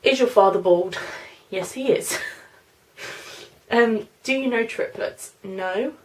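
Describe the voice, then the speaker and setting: A woman's voice: a little high, slow pace. A woman in her twenties with a mixed London and Norfolk accent, chatting in a casual Q&A vlog, rambling and hesitant with lots of fillers. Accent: mix of London and Norfolk English. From London, England. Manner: rambling, hesitant, many fillers and "I don't know". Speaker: vlogger. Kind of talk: casual Q&A vlog, reading questions aloud.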